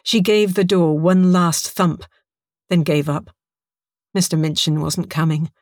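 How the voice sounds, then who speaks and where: A woman narrating an audiobook in a lively, expressive storytelling manner. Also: on the low side, a little slow, dry recording, clean studio sound.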